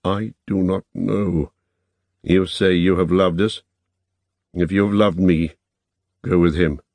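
A man's voice: low-pitched, steady tone, slow, gravelly, a little mellow, no room sound, heavily acted. A man voicing a grave, desperate old lord. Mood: pleading.

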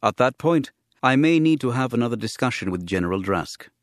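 A man voicing a sober, courtly alien official who speaks in a formal, measured, grave way, read as a scripted audiobook. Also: medium pitch, lively intonation, no room sound, studio quality, lightly acted.

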